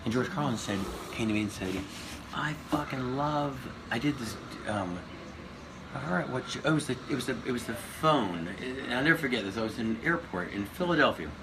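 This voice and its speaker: A man in his fifties, a comedian guest, telling stories in a casual interview, animated and profane, often restarting his sentences. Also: mid-range voice, quick pace. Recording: noisy recording.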